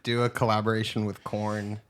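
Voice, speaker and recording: A man with a lowish voice, a guest in a loose podcast chat. He chimes in with short, deadpan quips between the hosts' talk. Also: brisk, clear, resonant tone. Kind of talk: casual chat.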